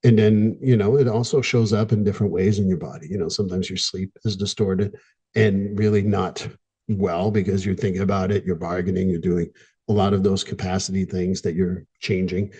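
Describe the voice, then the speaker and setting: A middle-aged man, a therapist hosting a podcast, talking in an earnest, candid way with frequent pauses. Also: sits low, fairly even intonation, dark tone, husky. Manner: earnest, candid, pausing, gets emotional at times. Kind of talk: reflective podcast monologue.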